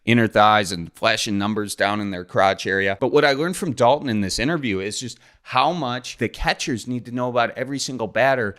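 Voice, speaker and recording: Folksy joking podcast host. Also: male voice, lowish voice, a bit bright. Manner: folksy, joking, rambling asides. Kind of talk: casual solo podcast intro.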